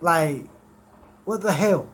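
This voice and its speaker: Man, high voice, slow drawl, casual rambling chat, swears a lot. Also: a bit bright. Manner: rambling storyteller, swears freely. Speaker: streamer.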